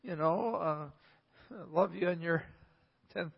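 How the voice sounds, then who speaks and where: A man's voice: on the high side, slow pace, gravelly, breathy edge, full character voice. A man voicing a flustered husband who stammers and defends himself. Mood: apologetic. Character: flustered husband pleading his case. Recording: echoey hall, slightly dull.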